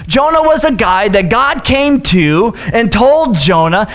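A man's voice: sits high, sing-song, unhurried, few pauses, a bit bright. A man, a pastor retelling a story in a humorous sermon, with jokes and acted-out voices. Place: church sanctuary.

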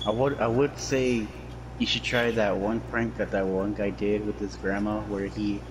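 A man's voice: on the low side, flat delivery, normal speed. A man joking and swearing casually while chatting with friends over a game. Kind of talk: casual gaming chat with friends. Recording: loud background noise.

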